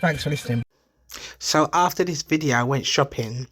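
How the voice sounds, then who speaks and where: A woman, preaching encouragement in an impassioned vlog. She talks emphatically and excitably, repeating her words as she records on a phone while out and about. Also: low voice, normal speed, soft background music. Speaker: online preacher. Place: out and about, in a shop and a car.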